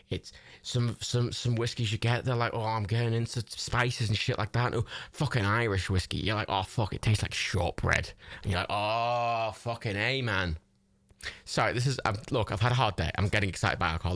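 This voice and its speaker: A man's voice: medium pitch, a bit bright. A young man chatting on a livestream, swearing a lot, rambling and laughing often. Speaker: livestream host. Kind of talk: casual chat.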